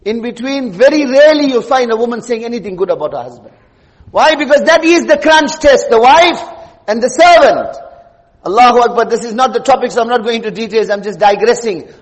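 Male preacher, very high voice, emphatic sermon delivery with repeated lines, long hall reverb. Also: lively intonation, brisk. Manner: emphatic, rhetorical questions, repeats key phrases. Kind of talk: Friday sermon.

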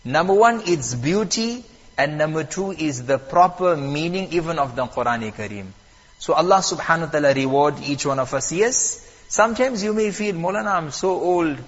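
A man teaching Quran recitation at a mosque, calm and patient, repeating and stressing the key points. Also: fairly high pitch, moderate pace, big-room sound, dull audio. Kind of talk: lesson on Quran recitation rules.

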